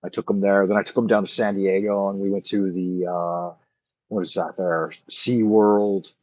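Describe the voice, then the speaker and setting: A man's voice: low voice, flat delivery, normal speed, darkish tone, dull audio. A man hosting a casual late-night chat, rambling and thinking aloud with many fillers as he answers his viewers. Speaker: livestream host answering chat.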